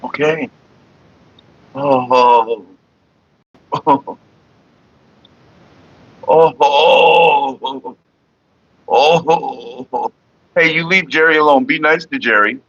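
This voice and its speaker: A man's voice: a little high, extremely slow, long pauses, a bit bright, breathy edge, highs cut off. A man hosting his own casual vlog, rambling and joking loosely with his viewers. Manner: loose, joking, talks to viewers and chat by name. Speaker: vlogger hosting a smoking session.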